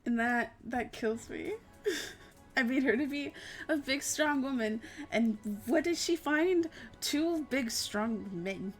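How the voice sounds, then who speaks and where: Young woman, streamer, slow unhurried talk, slightly high voice, giggly and rambling, casual swearing, faint music behind. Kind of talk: casual chat while answering viewer questions.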